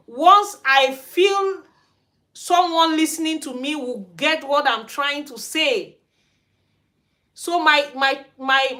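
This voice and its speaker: A woman's voice: high voice, sharp tone. A woman from Cameroon with a Cameroonian accent, talking frankly on a livestream as host of her hair care channel. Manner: frank, ranting. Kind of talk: livestream chat. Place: Sweden.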